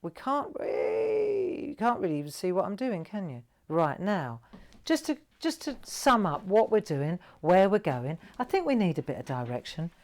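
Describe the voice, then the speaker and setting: A woman with a notably low voice hosts a live craft tutorial. She chats warmly to her viewers as she draws, coaxing them along and checking they can follow. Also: big pitch swings, moderate pace. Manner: chatty, encouraging, talks to viewers while drawing. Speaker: craft show host.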